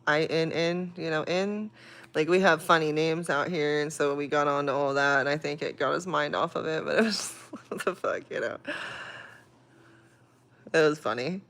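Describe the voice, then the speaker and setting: A woman talks loosely to her livestream viewers, her speech full of swearing and frequent laughter. She moves through a personal story with plain emotion, sometimes soft and heavy, sometimes laughing. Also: low-pitched, moderate pace. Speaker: livestream host. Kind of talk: casual livestream chat.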